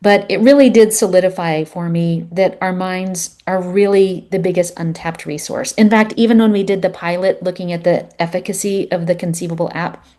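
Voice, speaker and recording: A middle-aged woman speaks with a slightly low pitch, telling a story as a podcast guest. She talks in an earnest, animated way, full of "like" and "you know". Her delivery is conversational and heartfelt. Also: moderate pace, hardly any pauses.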